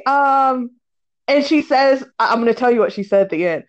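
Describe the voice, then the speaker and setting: High-pitched woman laughing through a story. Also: normal speed. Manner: laughs a lot, animated retelling with pitch jumps. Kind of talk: casual storytelling chat.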